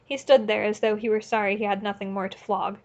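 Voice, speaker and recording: A woman narrating an audiobook in a steady, earnest reading voice, now and then correcting a slip. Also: mid-range voice, fast, highs cut off. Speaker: audiobook reader.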